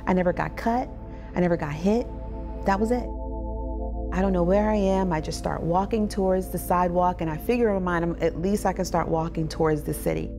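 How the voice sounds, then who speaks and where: A woman's voice: lowish voice, fairly quick. Woman recounting her past over music. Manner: vivid storytelling, acts out quoted voices. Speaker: trafficking survivor telling her story. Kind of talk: personal testimony interview. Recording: music bed underneath.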